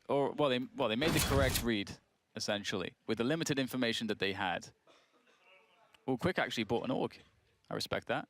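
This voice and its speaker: A man's voice: mid-range voice, brisk. A man giving thoughtful esports color commentary in a studio, hedging often with fillers. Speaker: esports analyst. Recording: noisy broadcast with game sounds.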